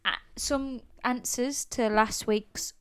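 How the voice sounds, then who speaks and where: A woman's voice: a little high, fairly even intonation, takes it slowly, a bit bright, smooth. A young woman co-hosting a casual chat podcast with a friend, playful and giggly, recorded at a desk microphone in a room. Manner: giggly, playful, trying silly accents. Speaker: podcast co-host. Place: indoor room at a table.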